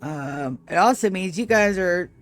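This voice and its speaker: A woman's voice: on the low side, lively intonation, unhurried. A woman streamer in casual live-stream chat, groggy with her morning voice, rambling, swearing freely and chatting to her cat. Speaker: game streamer.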